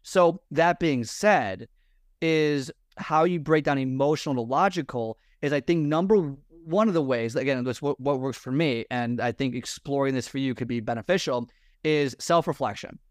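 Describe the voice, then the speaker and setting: A fitness and lifestyle mentor appears as a podcast guest, giving advice in a room full of personal stuff. His mid-range voice moves at normal speed, and he rambles, repeats himself and restarts sentences. The recording is dry with clean studio sound.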